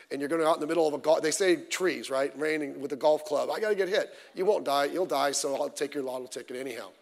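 A middle-aged male pastor delivers a sermon in a fairly high voice, animated and punchy, tossing out rhetorical questions and dry asides. The sound carries a long reverb from a church sanctuary.

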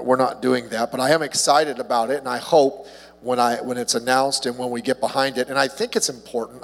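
A man preaching a casual evening sermon as a pastor, chatty and humorous, with his voice jumping higher when he gets excited about a story. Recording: long hall reverb.

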